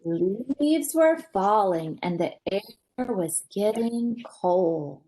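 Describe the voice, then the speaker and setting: A woman parent educator reading a picture book to young children over a video call, animated, gasping and asking them questions. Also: mid-range voice, very slow, low-quality recording.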